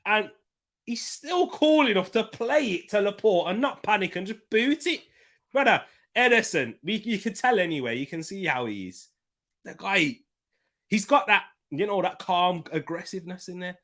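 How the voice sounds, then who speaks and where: Excitable young man commenting live football. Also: high voice, normal speed. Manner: excitable, bursts into shouts at chances. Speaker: watchalong host. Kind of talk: live match watchalong commentary. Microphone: desk microphone.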